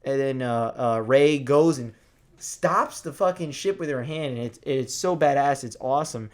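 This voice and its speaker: A young man with a mid-range voice gives a casual movie review at normal speed. He's excited and profane, rambling along with lots of restarts.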